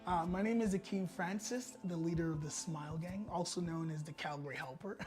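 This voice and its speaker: A man's voice: a little high, normal speed, darkish tone, soft background music. A man introducing himself in an online video, chatty and laughing between lines.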